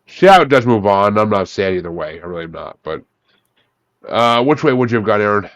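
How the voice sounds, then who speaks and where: A man's voice: on the low side, expressive, fairly quick, no echo, muffled recording. A man hosting a casual music podcast, swearing freely as he calls on each guest by name over an online call. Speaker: podcast host. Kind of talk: casual bracket chat with guests.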